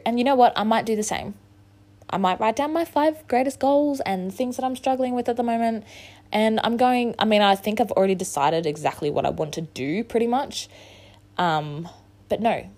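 A woman's voice: mid-range voice, a little mellow. A woman hosting her own solo podcast, frank and motivational, swearing freely while hungover. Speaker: podcast host. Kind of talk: casual solo podcast monologue.

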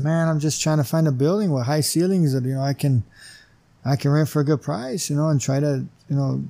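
A man, a wrestling commissioner and gym owner, telling a story as a podcast guest, acting out conversations with lots of "you know" fillers. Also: on the high side. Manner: animated storyteller who acts out dialogue, many "you know" fillers. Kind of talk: casual storytelling interview.

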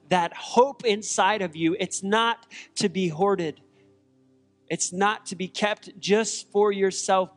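A man preaching from the pulpit in an earnest, emphatic manner, leaning on repeated refrains. His voice sits a bit high and moves slowly and deliberately. It rings with a long hall reverb over faint music. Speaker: pastor. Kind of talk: sermon.

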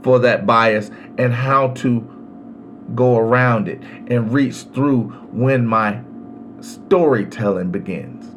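A man hosting a podcast, giving a slow, emphatic solo commentary on legal rights with long pauses. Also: medium pitch, a bit bright, slight background noise. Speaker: podcast host.

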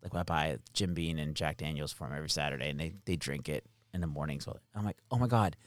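A man with an extremely low voice talks fast in a dry recording, casually recounting his days as an army captain. He's animated and profane, swearing freely and quoting the people in his stories.

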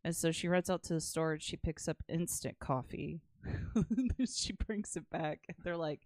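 A woman's voice: deep voice, moderate pace, darkish tone, dry recording, clean studio sound. A woman co-hosting a casual movie-news podcast, chatty and teasing, laughing mid-sentence. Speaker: podcast co-host. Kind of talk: casual chat.

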